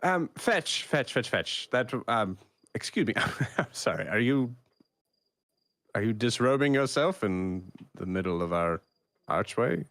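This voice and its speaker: A man's voice: medium pitch, lively intonation, measured pace, fairly bright tone, no echo, voice pushed up. A man putting on the voice of a fussy, flustered lady of a house, politely scolding.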